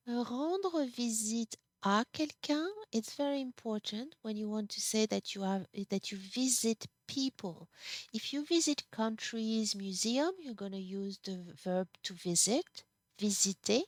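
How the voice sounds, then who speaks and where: A woman teaching a language class, explaining slowly and patiently, sometimes restarting words. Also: fairly high pitch, dry recording, studio quality. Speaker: French teacher. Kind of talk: classroom lesson.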